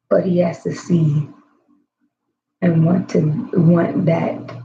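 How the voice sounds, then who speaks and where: A woman vlogger talking through a candid personal monologue, reflective, with frequent fillers and soft laughs. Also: on the low side, vocal fry, highs cut off, a little hiss or hum.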